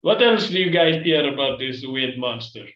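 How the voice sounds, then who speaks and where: A man's voice: mid-range voice, expressive, moderate pace. A man hosting an improv comedy scene over a video call, playful and dramatic as he leads the others. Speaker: improv host. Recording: echoey, dull video call audio.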